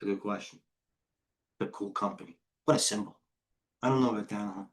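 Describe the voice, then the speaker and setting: A man's voice: fairly low pitch, steady tone, fairly quick. Blunt, rambling man talking market trades. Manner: blunt, rambling, self-interrupting market talk. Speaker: head trader and market coach. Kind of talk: live trading stream commentary.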